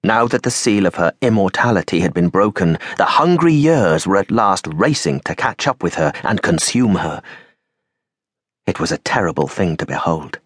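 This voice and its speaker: A man reading an audiobook aloud, measured and dramatic, slowing and going quiet on the grave moments. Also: low-pitched, sing-song, slightly rough, no room sound, studio quality. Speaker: audiobook narrator. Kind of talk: scripted audiobook narration.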